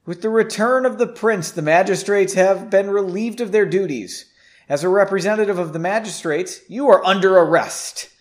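A man's voice: sits high, normal speed, voice pushed up, natural voice. A man reading as a stern arresting officer. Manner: formal, loud. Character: stern male soldier officer making an arrest.

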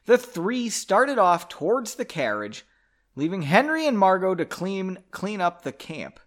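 A sarcastic man reads his own novel aloud, drink in hand, and keeps cutting in to mock it with swearing and self-deprecating jokes. His voice sits a little high and swings widely in pitch. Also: very animated, unhurried, a bit bright. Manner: sarcastic, profane, self-mocking. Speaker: podcast host reading his own novel. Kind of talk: comic read-aloud with asides.

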